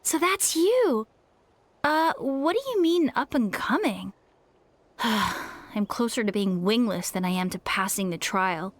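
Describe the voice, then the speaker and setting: An earnest young woman training as a warrior, eager but full of self-doubt, as a woman reads her game lines. Her voice sits high. The delivery is plain read-aloud game dialogue. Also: animated, takes it slowly, no echo. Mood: wistful.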